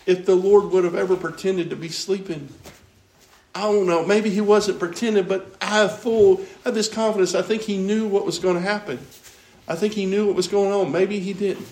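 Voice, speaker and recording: A man's voice: sits high, darkish tone. A man preaching a Bible teaching, earnest and musing, asking questions aloud. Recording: roomy echo with faint background noise.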